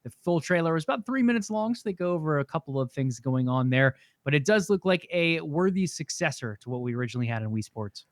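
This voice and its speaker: Slightly high-voiced male podcast co-host. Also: quick pace, hardly any pauses, no room sound. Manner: steady, informative rundown with some fillers. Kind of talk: casual chat.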